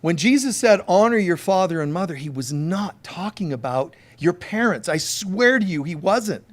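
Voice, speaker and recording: A man's voice: high voice, expressive, normal speed. A man preaching a conversational sermon as a spiritual teacher, emphatic and storytelling, talking straight to his listeners. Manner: emphatic, direct address to listeners.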